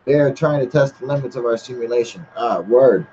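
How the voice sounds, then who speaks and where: A man's voice: mid-range voice, brisk, warm tone, highs cut off, slight background noise. Tipsy man swearing through a livestream. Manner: heavy swearing, laid-back, reads chat aloud. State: a little high and drunk. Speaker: livestream host. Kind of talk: casual rambling livestream chat.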